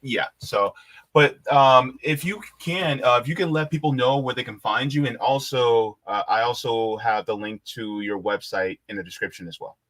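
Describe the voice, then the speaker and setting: A man's voice: mid-range voice, normal speed, fairly bright tone. A man hosting an interview, speaking in a courteous, somewhat hesitant way. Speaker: host. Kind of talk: interview conversation.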